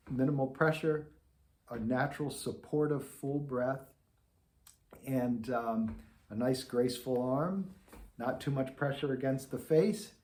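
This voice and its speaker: A man's voice: mid-range voice, a little mellow. Patient man teaching beginner trombone. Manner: patient, demonstrates syllables aloud. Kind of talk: instructional lesson.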